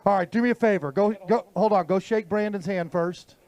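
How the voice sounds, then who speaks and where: A man with a very high, bright-toned voice calls a live fishing weigh-in into a handheld mic on an outdoor stage. He pumps up the crowd and drags out the big numbers in shouts. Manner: hype announcer, drawn-out shouted totals. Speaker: tournament weigh-in emcee.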